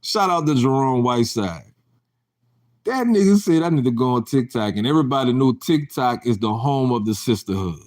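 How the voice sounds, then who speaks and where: A man's voice: mid-range voice, animated, moderate pace, a little mellow. A man hosting a casual livestream rant, telling profane, rambling stories with frequent restarts and mocking, laughing gossip. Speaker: livestream host.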